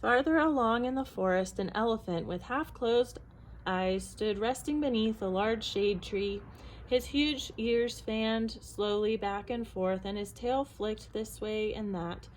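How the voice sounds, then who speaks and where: Storyteller, woman, reads a picture book aloud with measured expression. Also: mid-range voice, slight background noise, poor audio.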